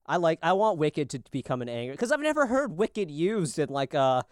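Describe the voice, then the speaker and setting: High, excitable joking podcast guy. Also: fairly quick, smooth, no echo, clean studio sound. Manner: joking, excitable, swears, bursts into shouted bits. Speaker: podcast co-host. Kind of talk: casual chat.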